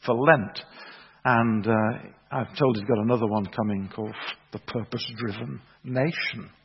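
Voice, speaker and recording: A middle-aged man, a preacher and former theological college principal, gives a sermon built around a humorous anecdote. His wry, self-deprecating storytelling builds into earnest proclamation, his mid-range voice husky with vocal fry. The reverberant hall leaves the sound slightly muffled.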